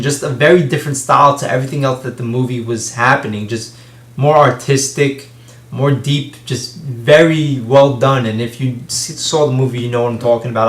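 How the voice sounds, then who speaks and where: A man talks through a movie review in a loose, casual way. He rambles, leans on "you know" and "um", and swears freely. His medium-pitched voice sounds roomy and echoey. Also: a bit bright. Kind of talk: casual spoken film review. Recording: echoey room.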